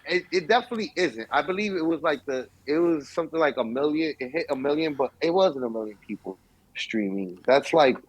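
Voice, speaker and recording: A young man co-hosting a podcast, chatting casually and acting out quotes as he tells stories. His voice sits a little high. The recording is dry and close to the mic. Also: brisk, no room sound, low-quality recording. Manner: animated storytelling, acts out quotes. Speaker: podcast co-host. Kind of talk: casual chat.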